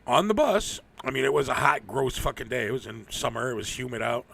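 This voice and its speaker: A man's voice: mid-range voice, a little fast, vocal fry, fairly bright tone, slight background noise. A man hosting a live stream, rambling through a casual, profane rant and laughing often. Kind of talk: casual ranting monologue.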